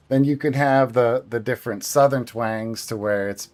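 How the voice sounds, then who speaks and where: A man's voice: medium pitch, normal speed, hardly any pauses, a little mellow. A man streaming a game, chatting casually in a rambling way, with lots of fillers and some swearing.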